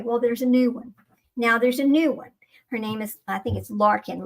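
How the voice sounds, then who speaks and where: A woman's voice: a little high, creaky. A woman hosting her own channel, chatting casually and rambling in a distracted, incredulous way while she looks for videos. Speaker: channel host.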